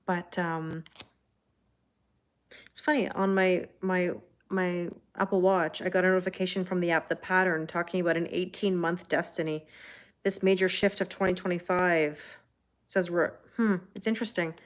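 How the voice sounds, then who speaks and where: Chatty Canadian woman, low voice. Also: fairly even intonation, normal speed. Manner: chatty, laughs often, answers viewer comments. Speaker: tarot reader. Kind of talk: casual live-stream tarot reading.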